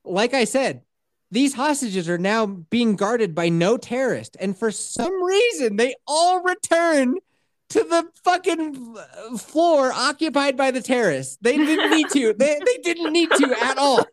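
A woman's voice: high voice, unhurried, no room sound, clean studio sound. A woman in casual chat recapping a movie, swearing freely and acting out the characters. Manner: animated, swears a lot, acts out characters in shouts.

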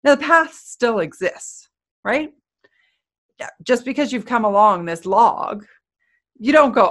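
A woman's voice: on the high side, takes it slowly, pauses often. Woman doing a motivational talk, upbeat and playful, chatty. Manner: energetic, playful, conversational. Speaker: motivational speaker.

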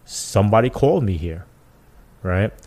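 A man's voice: on the low side, moderate pace. A man who was a police officer, telling stories casually in an interview and acting out the people he quotes. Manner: animated, acts out quoted people with loose slang.

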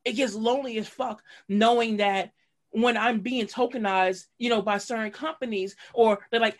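A woman talking in a casual podcast chat, telling stories in a profane, animated way with frequent restarts. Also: fairly high pitch, moderate pace. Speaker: running blogger and guest.

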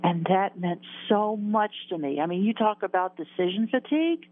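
A woman in her sixties tells a deeply personal near-death story as an interview guest, earnest and emotional, circling back over her words and laughing at herself. Her voice sits in a middle register and comes through a thin, narrow, phone-like line. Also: lively intonation, normal speed, no echo. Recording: tinny phone-line sound.

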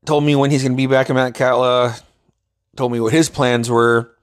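A man's voice: mid-range voice, fairly even intonation, moderate pace, smooth. Rambling, profane man telling a story. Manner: rambling and profane, with frequent restarts and chuckles. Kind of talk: casual spoken anecdote.

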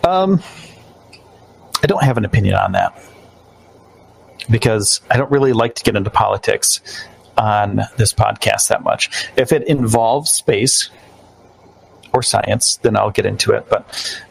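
A man's voice: lowish voice, animated, unhurried, vocal fry, pauses often, husky, poor audio. A man hosting a podcast, chatting casually, rambling with loose restarts and fillers. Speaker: podcast host. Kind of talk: casual live-stream chat. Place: New York.

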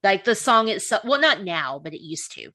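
A woman co-hosting a casual podcast chat, blunt and animated, laughing often. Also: mid-range voice, moderate pace, no echo. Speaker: podcast co-host.

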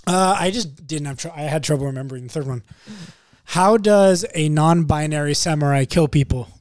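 A young man co-hosting a podcast, setting up jokes in a deadpan, casual swearing way. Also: fairly high pitch, fairly quick, no echo, clean studio sound. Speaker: podcast co-host. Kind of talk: casual joke-telling chat.

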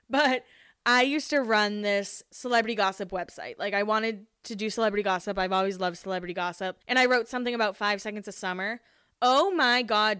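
A woman's voice: on the high side, fairly bright tone, clear, resonant tone, no echo, clean studio sound. A woman in her late twenties, telling stories in casual chat, candid and laughing easily, with frequent swearing. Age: 20s. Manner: chatty and candid, swears freely, laughs often. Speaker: podcast host.

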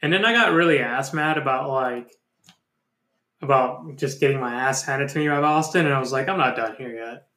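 A man's voice: mid-range voice, normal speed, pushed and bright. A man co-hosting a casual podcast chat, teasing his co-host and telling stories with casual swearing. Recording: echoey room sound.

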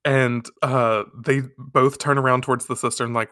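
A woman's voice: very deep voice, level tone, normal speed, a bit bright, dry recording, studio quality. A woman casually recapping a manga on a podcast, acting out the characters' lines, swearing freely and laughing often. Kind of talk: casual chat.

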